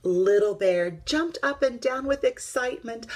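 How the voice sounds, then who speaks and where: Husky slow-reading teacher woman. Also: on the high side, expressive. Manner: gentle, dropping to soft whispers. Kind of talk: children's picture book read-aloud.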